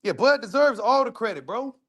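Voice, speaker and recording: A man talks in a high, excitable register as he reacts to a video. He repeats lines for emphasis and drops curse words freely, in loose casual commentary. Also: fairly quick. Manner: repetitive, emphatic, profane street talk.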